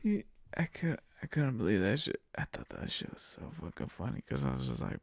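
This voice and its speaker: A man's voice: medium pitch, very animated, fairly quick, creaky, dry recording, studio quality. A man, a rideshare driver, casually telling a story, rambling, swearing freely and laughing often. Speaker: rideshare driver and podcast host.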